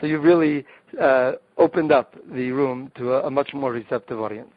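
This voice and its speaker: A guest rabbi with a medium-pitched voice talks at normal speed, keenly explaining group games step by step while often beginning his sentences again. There's no room sound, and the audio is dull, dry and lo-fi.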